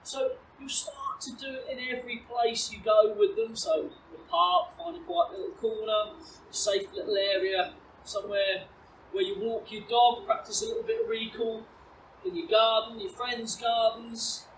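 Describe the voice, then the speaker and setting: A woman teaching puppy recall outdoors, explaining calmly and switching to high, bright praise when she calls the dog. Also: normal speed. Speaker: dog trainer. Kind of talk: outdoor training demonstration. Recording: roomy, distant, faint ambient noise.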